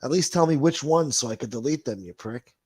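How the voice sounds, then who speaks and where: A man's voice: medium pitch, lively intonation, a little fast, darkish tone, slightly rough, no room sound. Profane rambling man reading chat. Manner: profane, rambling, wisecracking, calls people boy. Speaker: livestream host reading chat. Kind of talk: casual chat.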